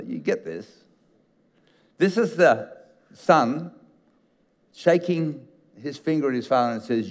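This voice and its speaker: A male pastor preaching with an easygoing, conversational delivery and retelling a story with lively asides. His voice sits at an ordinary middle pitch. A long reverb from the church hall trails behind his words. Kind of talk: sermon. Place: church auditorium.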